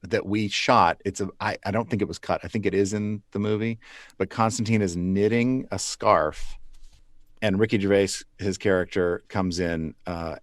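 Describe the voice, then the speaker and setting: Deep-voiced man telling studio stories. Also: fairly even intonation, normal speed, no echo. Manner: loose, rambling with restarts and chuckles. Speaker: puppeteer guest. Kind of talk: relaxed interview answers.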